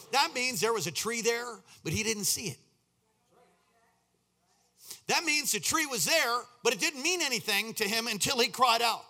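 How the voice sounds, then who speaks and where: A man preaching a sermon in an animated, humorous way, building to fervent passages. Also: high-pitched, moderate pace. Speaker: pastor.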